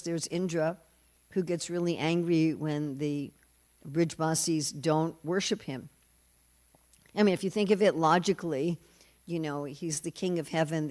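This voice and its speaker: A woman's voice: deep voice, darkish tone. An older woman gives a scripture class in a temple hall. She tells stories with humor and briefly acts out the voices of the people in them as she preaches. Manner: storytelling, acting out quoted voices with humor. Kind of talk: sermon.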